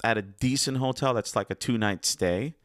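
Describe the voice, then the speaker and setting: A man's voice: medium pitch, moderate pace, no room sound, studio quality. A man giving casual, enthusiastic commentary on a cartoon's music, wandering into asides and reading quotes aloud. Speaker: music segment presenter on an animation review show.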